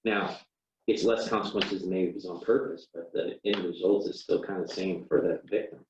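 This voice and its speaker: A man's voice: deep voice, steady tone, a little fast, noisy background. A man teaching a classroom lesson, talking casually, acting out sample apologies with plenty of "you know"s. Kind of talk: classroom lecture. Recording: roomy, dull classroom recording from far off.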